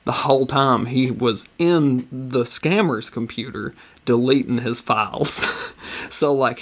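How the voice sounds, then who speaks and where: Profane, rambling podcast man. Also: medium pitch. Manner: loose, profane storytelling. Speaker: podcast co-host. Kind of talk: casual chat.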